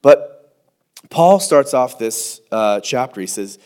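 A man's voice: mid-range voice, expressive, slow pace, darkish tone, clear, resonant tone. A man, a pastor, teaching through scripture verse by verse in a conversational, emphatic way, often restarting and repeating words.

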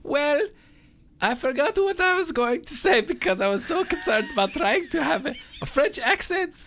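A man's voice: very high-pitched, lively intonation, normal speed, fairly bright tone, slight background noise, full character voice. A man voicing a pompous male theologian with a put-on Italian accent, speaking in an earnest, preachy way. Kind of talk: comedic role-play.

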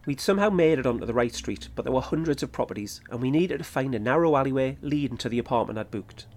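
A man, calmly narrating his own trip in a scripted podcast. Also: medium pitch, quick pace. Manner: steady, matter-of-fact storytelling. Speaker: podcast host. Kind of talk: scripted first-person narration.

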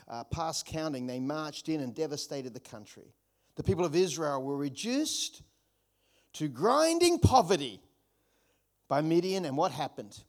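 A man preaching a sermon as pastor, earnest, often repeating words and building up emphasis. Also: fairly high pitch.

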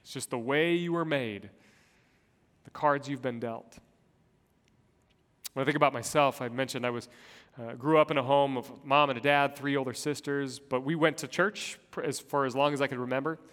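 A man in his thirties, a pastor preaching a sermon, telling a personal story in an earnest way and moving between soft and loud passages. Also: mid-range voice, steady tone, moderate pace. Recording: long hall reverb.

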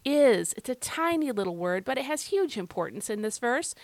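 A woman's voice: on the high side, big pitch swings, normal speed, no echo. A woman hosting a devotional Bible podcast, speaking emphatically and repeating key phrases as she talks straight to the listener. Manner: conversational, addresses listener directly. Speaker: podcast host.

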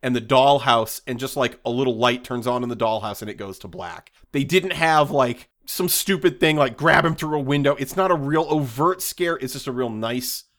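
A man's voice: medium pitch, moderate pace, few pauses, fairly bright tone. A man co-hosting a casual movie review podcast, making wry, sarcastic asides about the film. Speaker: podcast co-host.

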